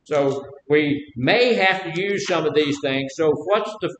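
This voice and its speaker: A man's voice: measured pace, a bit bright, muffled recording. A man from Mississippi with a Southern accent, teaching a group class in a folksy, drawling way and quizzing his students. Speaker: class instructor. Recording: roomy echo, faint rumble.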